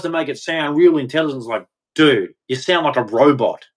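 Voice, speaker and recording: A man's voice: on the high side, brisk. A man hosting a casual live stream, reading aloud and breaking off into blunt, rambling, mildly crude rants. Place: home studio.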